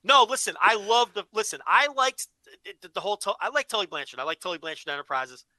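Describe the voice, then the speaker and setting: A man co-hosting a podcast, chatting casually and swearing freely as he tells animated stories. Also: high-pitched, quick pace, dry recording, rough recording. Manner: profane, animated storytelling. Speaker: podcast co-host. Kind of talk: casual wrestling podcast chat.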